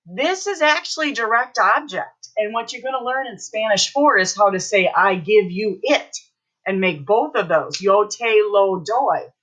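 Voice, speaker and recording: Woman, Spanish teacher, bright clear voice, slightly dull lo-fi audio, step-by-step explaining. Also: mid-range voice, lively intonation, measured pace. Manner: explains step by step, checks in with "okay?". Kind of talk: recorded online class lesson.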